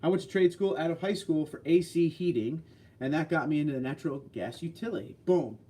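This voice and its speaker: A man's voice: on the high side, fairly quick, mellow. A man in his sixties hosting a casual livestream, reading viewer comments and answering in a blunt, folksy, opinionated way. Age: 60s. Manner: blunt, folksy, opinionated, reads out chat messages. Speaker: livestream host.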